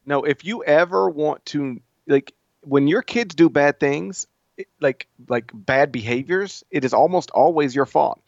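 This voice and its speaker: Middle-aged man, teasing, slightly high voice. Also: unhurried, gravelly, a little mellow, no echo. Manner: teasing, rambling storyteller. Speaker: podcast co-host. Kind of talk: casual sports talk. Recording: dull lo-fi sound.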